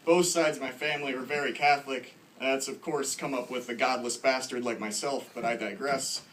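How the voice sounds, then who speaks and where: A man's voice: mid-range voice, steady tone, fairly quick, a bit bright, a little hiss or hum, rough recording. A man in his twenties telling casual, self-deprecating stories at a stand-up open mic in a small bar. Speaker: first-time stand-up comedian. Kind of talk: stand-up comedy.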